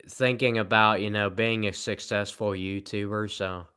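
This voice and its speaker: A man with a Southern American accent and a low, smooth, resonant voice. He answers livestream comments in a loose, casual ramble, with flat, deadpan humor at his own expense. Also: moderate pace. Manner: rambling, deadpan and self-mocking. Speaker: live streamer.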